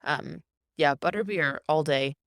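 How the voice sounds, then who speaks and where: A woman's voice: low voice, a little slow, vocal fry, fairly bright tone, dry recording, studio quality. A young woman co-hosting a casual podcast chat, talkative and enthusiastic. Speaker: podcast co-host.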